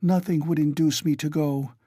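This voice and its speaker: A man's voice: a little high, steady tone, moderate pace, warm tone, no echo, studio quality, voice pushed up, lightly acted. A man voicing an anxious, timid middle-aged mother who pleads and frets. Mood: pleading. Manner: pleading, fretful.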